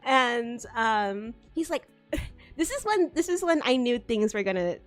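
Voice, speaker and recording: A young woman streaming, telling a story in casual chat with lively delivery, frequent laughter and swearing. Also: a little high, measured pace, faint music behind. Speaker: VTuber streamer.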